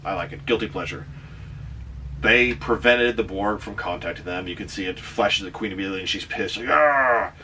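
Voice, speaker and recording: A man casually recapping a movie as a reviewer, animated, with quick asides. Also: low voice, far from the mic, slight background noise.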